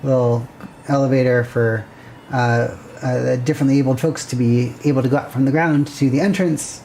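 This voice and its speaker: A woman's voice: very deep voice, steady tone, normal speed, mellow, slight background noise. A woman hosting a livestream, casually thinking aloud and chatting with viewers while she sketches a building plan. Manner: rambling, self-correcting, chatty with viewers. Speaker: livestream host.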